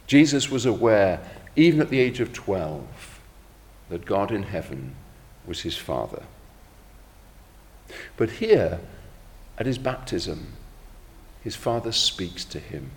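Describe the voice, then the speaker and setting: A middle-aged man preaching a sermon in a measured, reflective way, slowing down when he quotes scripture. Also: lowish voice, big-room sound, a little hiss or hum.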